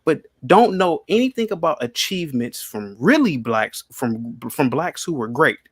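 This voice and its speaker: Combative man with lively swings in pitch. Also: normal speed, husky. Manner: combative, repeats questions insistently. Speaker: podcast host. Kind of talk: heated live-stream debate.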